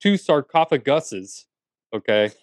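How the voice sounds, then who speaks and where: A man's voice: mid-range voice, very animated, takes it slowly, dry recording. A man co-hosting a casual podcast chat, talking animatedly with lots of fillers and restarts. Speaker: podcast co-host.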